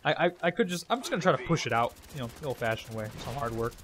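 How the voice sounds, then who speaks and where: A man's voice: medium pitch, expressive, very fast, a bit bright. A man giving casual, jokey, rambling commentary over his own gameplay. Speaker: gaming commentator.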